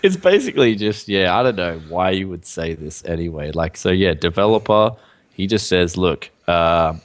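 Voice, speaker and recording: Man, very deep voice, relaxed, rambling, casual podcast talk. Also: normal speed. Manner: laid-back, lots of fillers and "yeah". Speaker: co-host of a tech news show. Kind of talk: casual tech podcast chat.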